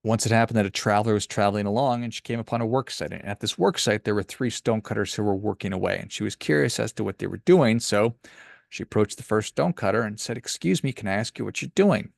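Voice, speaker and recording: Give me an encouraging man with a gravelly voice hosting a finance podcast, recorded dry and close. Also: on the low side, quick pace, dry recording. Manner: emphatic, encouraging. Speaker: podcast host and financial advisor. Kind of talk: motivational podcast monologue.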